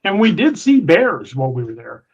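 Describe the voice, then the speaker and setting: A man's voice: on the high side, sing-song, moderate pace, husky. A man hosting a podcast in casual chat, telling a story in a rambling way with frequent restarts. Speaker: podcast host. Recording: muffled lo-fi audio.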